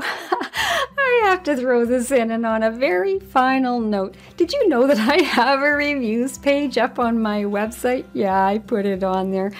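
A woman in her sixties, a retired grandmother, hosting a solo podcast and telling stories in a chatty way, laughing now and then. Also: fairly high pitch. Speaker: podcast host.

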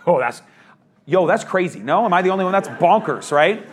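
A man's voice: high-pitched, animated, a little fast. Casual, conversational preacher man. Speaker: pastor. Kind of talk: verse-by-verse sermon.

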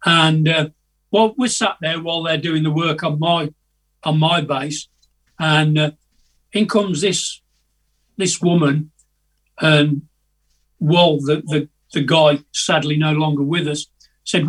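Rambling older man with a husky voice. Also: a little high, fairly even intonation, slow, long pauses, a bit bright. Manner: rambling, chatty, hesitant with many ums, laughs at his own stories. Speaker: guest musician. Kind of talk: casual anecdotal storytelling. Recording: voice a bit distant from the mic.

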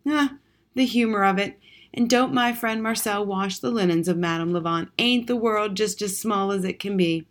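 A woman's voice: mid-range voice, normal speed, close to an everyday voice. A woman reading aloud and voicing a blunt, coarse-spoken woman customer at a fish stall who is tired of expecting anything special. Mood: scoffing. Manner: coarse, blunt, scoffing talk. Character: weary, nosy working-class woman customer.

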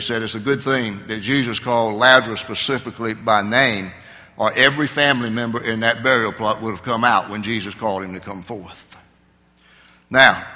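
A man preaching a sermon as a pastor, earnest, slowing down to stress key words. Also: fairly low pitch, bright, forceful tone, big-room sound. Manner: earnest preaching with slow emphatic stresses and fillers.

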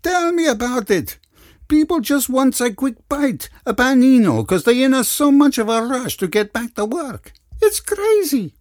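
A man's voice: extremely high pitch, big pitch swings, unhurried, no room sound, clean studio sound, pitched above the performer's own voice, full character voice. A man voicing a flirtatious middle-aged Italian restaurant owner with a lilting Italian accent. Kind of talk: audiobook character voice.

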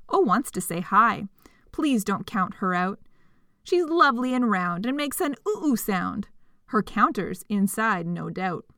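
A woman reading a rhyming storybook aloud, playful and expressive, with whispered asides. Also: medium pitch, no echo, clean studio sound.

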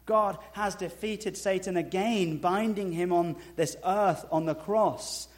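Man preaching a conversational sermon. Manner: conversational preaching with dry humor; swings between soft, slow emphasis and loud, high asides. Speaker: pastor.

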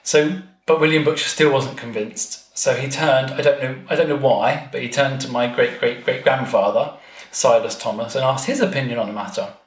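A man's voice: mid-range voice, normal speed. A man guesting on a podcast, telling a family-history story in a chatty way, with frequent ums and wry asides. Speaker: guest author. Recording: roomy echo.

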